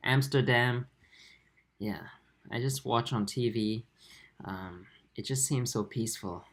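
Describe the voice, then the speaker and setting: A man in his twenties hosting a livestream, reading viewer comments aloud in a soft, halting way with many fillers. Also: medium pitch. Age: 20s. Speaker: aquarium channel host.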